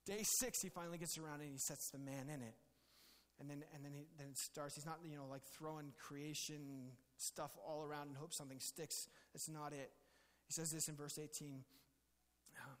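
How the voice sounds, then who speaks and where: A man's voice: on the high side, steady tone, moderate pace, a bit bright, big-room sound. A male pastor giving a conversational, jokey sermon with many restarts.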